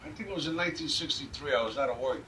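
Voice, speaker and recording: A man's voice: mid-range voice, very fast. An older man with a New York accent telling blunt, streetwise stories in an interview, acting out the dialogue. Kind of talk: anecdotal storytelling. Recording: distant mic with faint background noise.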